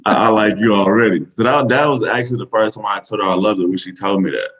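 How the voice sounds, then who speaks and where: A man's voice: on the low side, steady tone, fast, a bit bright, rough recording. A man with a Southern US accent, a podcast guest telling a story casually, rambling with many fillers. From Texas, USA.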